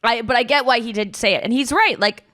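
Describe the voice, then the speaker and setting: A woman hosting a podcast, chatting casually and telling stories with lively acted-out quotes. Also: fairly high pitch, dry recording, clean studio sound. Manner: animated storytelling, quick acted-out quotes. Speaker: podcast host. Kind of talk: casual chat.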